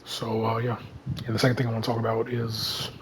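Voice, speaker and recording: Flat-voiced man rambling about a game. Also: medium pitch, brisk, slight background noise, rough recording. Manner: rambling, heavy use of "you know" and "like". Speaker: gaming YouTuber. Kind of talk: casual vlog commentary.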